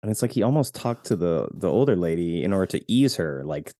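Low, mellow-voiced man hosting a film podcast. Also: fast, dry recording, clean studio sound. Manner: animated, laughs often, acts out quotes. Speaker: podcast host. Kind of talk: casual film discussion.

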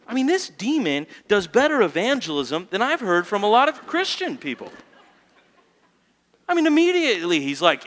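A man preaching a sermon to his congregation, animated and asking the room questions. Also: sits high, moderate pace, in a large hall. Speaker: pastor. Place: church sanctuary.

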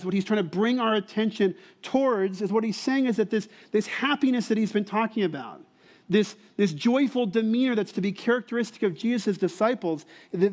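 A man who teaches the Bible delivers a sermon to college students in a voice that sits high with a darkish tone. He speaks conversationally, often repeating words and asking his listeners whether they see it.

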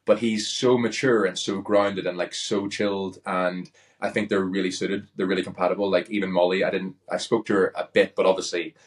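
A Northern Irish man chatting easily as an interview guest, relaxed and full of casual fillers. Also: low-pitched, fairly quick, hardly any pauses. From Northern Ireland. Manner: easygoing, chatty, frequent "like" fillers. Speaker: guest, pro wrestler.

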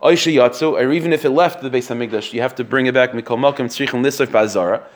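A man's voice: medium pitch, fast. A man teaching a text-based lesson, reading sources aloud, translating them and repeating key phrases as he explains. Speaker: Talmud teacher.

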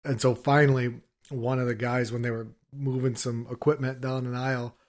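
A man in casual conversation, telling rambling stories full of fillers and swearing, and acting out shouting coworkers. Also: medium pitch, level tone, normal speed. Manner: rambling storyteller, swears freely, filler-heavy; acts out other people's shouting in his stories. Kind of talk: casual chat.

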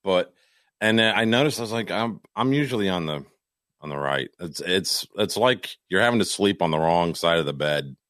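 A man co-hosting a podcast, rambling and self-deprecating, with halting restarts. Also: low-pitched, expressive, fairly bright tone, no echo, studio quality. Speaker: podcast co-host. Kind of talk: casual podcast banter.

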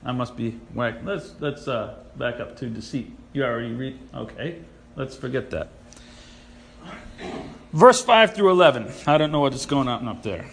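A man preaching a sermon, animated and sarcastic, who acts out the people he quotes. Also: mid-range voice, moderate pace, creaky, a little hiss or hum. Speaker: pastor.

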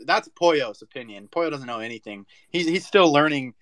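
A man's voice: on the high side, expressive, fairly quick, fairly bright tone, no room sound. A man on a casual voice chat, explaining points at length and teasing others with sarcasm.

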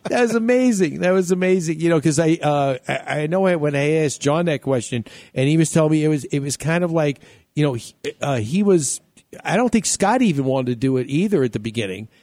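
A male talk show host with a slightly high voice. He is enthusiastic with his guest and laughs along easily. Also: animated, brisk, darkish tone. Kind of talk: radio or TV talk show hosting.

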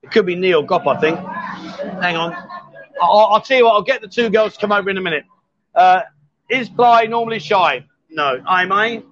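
A man's voice: high-pitched, lively intonation, moderate pace, muffled recording. A man hosting a live stream from a bar, joking and teasing his guests in casual banter. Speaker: host.

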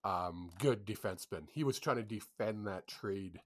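A man's voice: lowish voice, normal speed. A man co-hosting a casual hockey podcast, swearing and laughing through the banter. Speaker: podcast co-host.

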